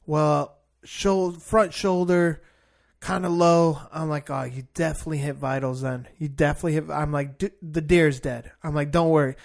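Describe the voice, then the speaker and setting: Gravelly man in casual podcast banter. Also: on the high side, normal speed. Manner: animated, swearing, retells phone calls.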